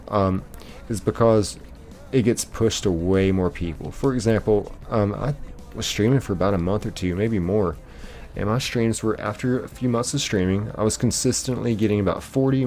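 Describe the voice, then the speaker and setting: Gravelly American man chatting on stream. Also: on the low side, moderate pace, darkish tone, soft background music. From United States. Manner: rambling, with many fillers and restarts. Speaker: livestream host. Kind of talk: casual chat reading live comments.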